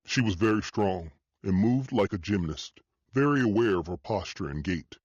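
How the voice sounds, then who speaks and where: A man narrating an audiobook in the first person, steady and measured. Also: lowish voice, husky, no echo, muffled recording.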